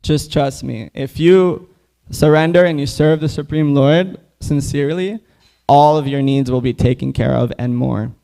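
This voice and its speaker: A man voicing a calm, mellow-voiced old sage. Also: medium pitch, unhurried, gravelly, clear, resonant tone, low-quality recording. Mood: reassuring. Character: wise, calm male sage giving instructions.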